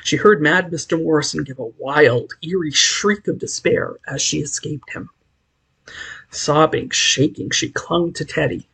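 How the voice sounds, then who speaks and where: An audiobook narrator reads a story in a measured, expressive way. The voice is gravelly and strongly husky, sitting at an ordinary middle pitch.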